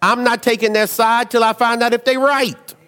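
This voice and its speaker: A man preaching a sermon, telling stories in an animated way, dropping to low asides and rising to shouts. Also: moderate pace, in a large hall.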